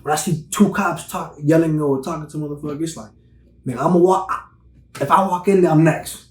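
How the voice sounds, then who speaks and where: A young man in his twenties chatting casually on a podcast, animated and profane, acting out stories in voices. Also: a little high, brisk. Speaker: podcast host. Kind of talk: casual chat. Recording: echoey room.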